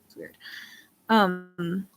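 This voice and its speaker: A woman's voice: fairly low pitch, wildly swooping pitch, drawn-out words, a bit bright, no room sound. A woman hosting a casual psychic livestream, rambling and often losing her train of thought, with easy laughs between thoughts. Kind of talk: casual live-stream chat.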